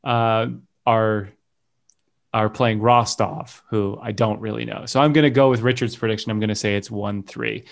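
A man hosting a casual podcast chat, playful and quick to laugh at his own jokes. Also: medium pitch. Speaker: podcast host.

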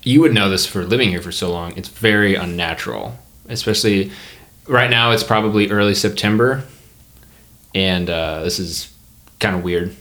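A man's voice: sits low, moderate pace, fairly bright tone. A man narrating as game master in a tabletop game, in a casual, rambling manner.

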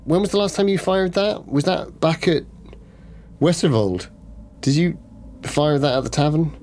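A man's voice: on the high side, moderate pace, darkish tone. A man playing a tabletop game, talking casually, joking, and correcting himself as he goes. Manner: playful, rambling, self-correcting. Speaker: player.

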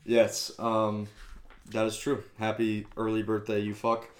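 A man hosting a casual sports podcast, talking loosely with quick asides and casual swearing. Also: fairly low pitch, monotone. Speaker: podcast host.

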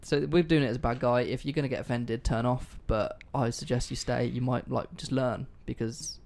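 A man's voice: medium pitch, steady tone, normal speed, gravelly, a little mellow. A man hosting a casual history podcast, chatty and offhand, swearing freely. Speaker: podcast host.

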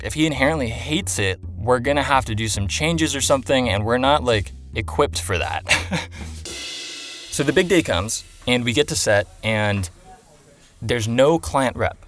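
A man's voice: mid-range voice, lively intonation, moderate pace, a bit bright, soft background music. A young man, a commercial director, telling a story casually and animatedly, acting out the people he quotes and laughing at himself.

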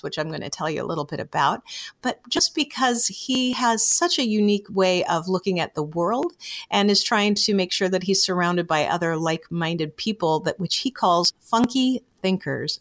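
A woman from the United States hosting a business podcast, chatting warmly and laughing often. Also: mid-range voice. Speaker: podcast host. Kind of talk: casual interview chat.

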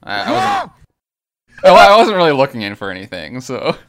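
A man's voice: mid-range voice, moderate pace. Easygoing man chatting on a podcast. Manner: relaxed, laughing, lots of fillers. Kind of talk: casual podcast chat.

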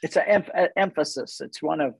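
Animated older man with a gravelly voice. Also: on the high side, a little fast, dry recording, low-quality recording. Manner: animated storyteller, rhetorical questions. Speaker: guest. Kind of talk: casual Bible teaching in conversation.

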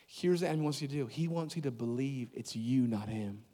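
Man preaching with echoing hall reverb. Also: mid-range voice. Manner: animated, rising to loud emphatic peaks with quick asides. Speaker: pastor. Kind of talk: sermon. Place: church service. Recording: long reverb of a large hall.

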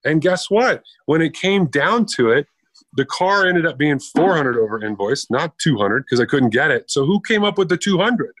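A man's voice: a little high, expressive, moderate pace, fairly bright tone, no room sound. Rambling storytelling man, dry sound. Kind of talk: casual storytelling chat.

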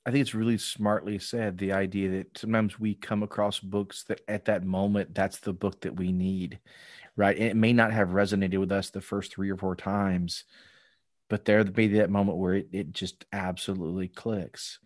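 Man, low voice, podcast host, thoughtful, affirming, dry close recording. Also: level tone, normal speed, no echo. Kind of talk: podcast conversation.

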